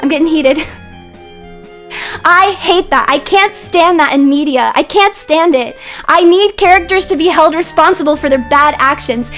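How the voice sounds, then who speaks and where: A young woman streaming, ranting heatedly about characters in a casual way and sometimes rising to shouts. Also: high-pitched, normal speed, faint music behind. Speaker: vtuber streamer.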